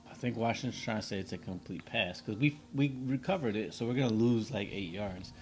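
A man's voice: on the low side, a little fast. A man co-hosting a casual podcast chat, giving emphatic opinions and commenting on a game on the side. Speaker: podcast co-host.

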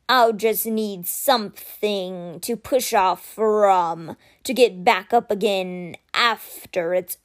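A woman reading aloud, voicing a huge proud male stone statue of a winged cat in a slow, deliberate, dry way. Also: mid-range voice.

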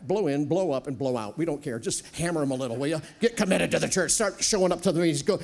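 A high-pitched man preaching to a church congregation as a guest speaker. He is animated and playful, slipping into little acted-out voices to make his points. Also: fast talker, few pauses. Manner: animated, acts out voices with humor. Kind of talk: sermon. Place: church sanctuary.

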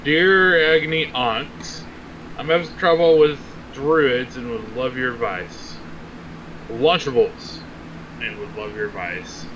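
A man with a Midwestern accent playing a party game, reading cards slowly in a joking drawl. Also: mid-range voice, muffled recording, a little hiss or hum. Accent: Midwestern American. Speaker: player. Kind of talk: casual party game play.

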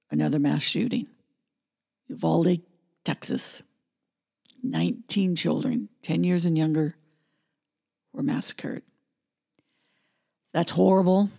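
A woman's voice: on the low side, creaky, darkish tone. A woman hosting a podcast, talking bluntly and with indignation, swearing now and then. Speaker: podcast host. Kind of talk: opinion podcast monologue.

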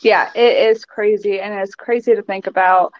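A woman being interviewed as a guest, telling her story in an animated, chatty way and laughing often. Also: medium pitch, moderate pace. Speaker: nurse and guest. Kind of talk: casual interview chat. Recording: dull, dry recording.

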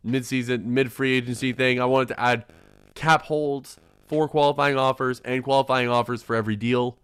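A young man hosting a casual sports podcast, excitable and quick to laugh, often restarting his sentences. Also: mid-range voice, clean tone, dry recording. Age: young adult. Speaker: podcast host.

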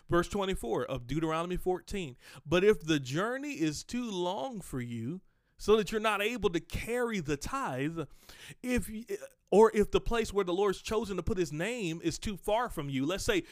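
A man teaches a relaxed sermon, animated and folksy, often joking with his listeners. His voice sits a bit high for a man and is recorded close and dry, with no room sound. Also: no room sound. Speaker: preacher.

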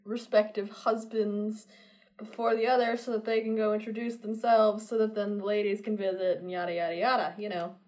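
A woman's voice: medium pitch, flat delivery, fairly quick, a little mellow. A woman in casual conversation, chatty and laughing often, often trailing off mid-sentence. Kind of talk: casual chat.

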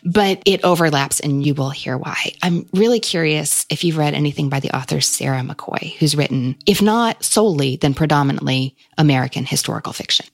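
A woman's voice: low voice, fairly quick, creaky, few pauses, no echo. A woman hosting a podcast, chatting enthusiastically about books with frequent asides, recorded close on a studio mic. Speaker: podcast host recommending books. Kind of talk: casual conversational interview.

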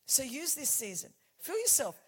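Woman preacher in her forties, high voice, passionate sermon, hushed then shouting. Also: big pitch swings, normal speed, a little hiss or hum.

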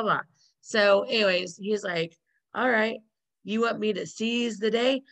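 A woman's voice: on the high side, fairly bright tone. A woman chatting casually, retelling a sitcom episode with frequent laughs and acted-out quotes. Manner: laughing often, acting out quotes.

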